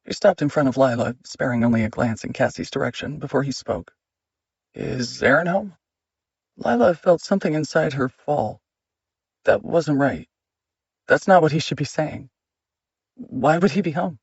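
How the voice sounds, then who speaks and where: Husky male audiobook narrator. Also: fairly high pitch, expressive, normal speed, darkish tone, dry recording, highs cut off. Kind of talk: scripted narration.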